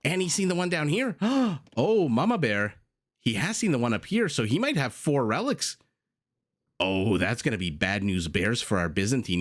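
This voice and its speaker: A married man casting a strategy video game match as a commentator, lively and jokey, with rambling asides and sudden gasps. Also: fairly low pitch. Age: adult, married with a young child. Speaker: game caster. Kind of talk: esports commentary.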